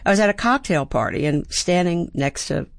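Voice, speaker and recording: A woman's voice: on the low side, animated, normal speed, creaky, no room sound. Older woman telling stories, dry close sound. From Baltimore, USA. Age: 70s. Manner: thoughtful, acts out quoted voices and rhythms. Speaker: actor and playwright, guest. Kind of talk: reflective interview storytelling.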